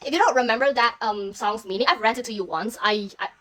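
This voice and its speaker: A woman's voice: a little high, fast talker, pushed and bright. A young woman in a small room at home, gushing and swearing as she breaks down song lyrics, sometimes bursting into screams. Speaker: podcast host.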